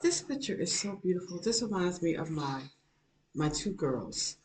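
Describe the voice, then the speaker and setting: A woman's voice: fairly low pitch, expressive, normal speed, a little mellow. A middle-aged woman vlogging from her kitchen, rambling in casual chat and peppering her talk with "you know". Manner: rambling, repeats herself, many "you know"s. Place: home kitchen.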